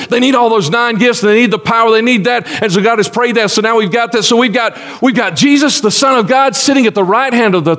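A man's voice: high voice, fairly bright tone, long reverb tail. A man preaching a sermon in a folksy, conversational way, often restarting his sentences. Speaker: pastor.

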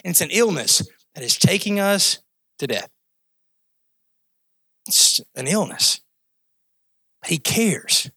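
A man's voice: sits high, lively intonation, takes it slowly, long pauses, pushed and bright. A man preaching a sermon in a conversational, impassioned way, climbing to emphatic peaks and dropping into casual asides. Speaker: pastor.

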